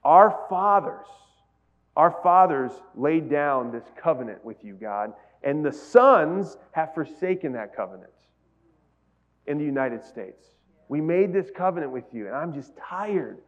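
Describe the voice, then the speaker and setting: A male pastor delivers a sermon, preaching conversationally with the congregation and building to emphatic peaks. His voice is fairly high, and the recording has its highs cut off.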